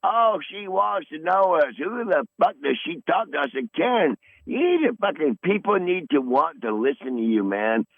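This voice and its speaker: A man's voice: a little high, big pitch swings, normal speed, vocal fry, hardly any pauses, dry recording. Brief: man, 60s, podcast regular caller; profane, boastful rambler; tinny phone audio. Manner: combative, swearing, boastful. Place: in his van.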